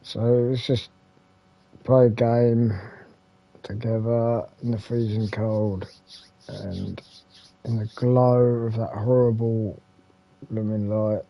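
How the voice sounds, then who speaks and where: A man's voice: on the low side, flat delivery, takes it slowly, long pauses, highs cut off. A man with an English accent, hosting a retro gaming channel, rambling casually with mild swearing and lots of fillers and restarts.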